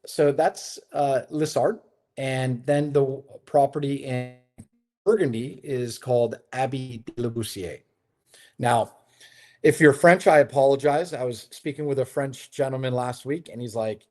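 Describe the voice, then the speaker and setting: A man's voice: medium pitch, normal speed, darkish tone. A man, a hotel developer, talking casually as an interview guest, telling long stories with a lot of fillers and restarts. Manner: chatty storyteller, many fillers and restarts. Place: his home in Lisbon.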